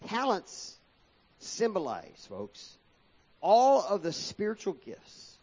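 A man preaching from the pulpit with a slightly raised pitch, addressing the congregation directly as folks. His delivery presses hard on key words, then drops back into quieter asides. The sound comes through a dull, lo-fi church recording. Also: wildly swooping pitch, slow pace, husky. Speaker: pastor. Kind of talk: sermon.

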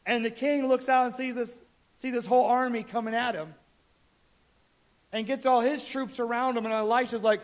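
A man with a strikingly high voice preaches, telling a scripture story in a loose, conversational way. He is animated and relaxed with his listeners. This is sermon storytelling. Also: normal speed. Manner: casual, animated retelling of scripture.

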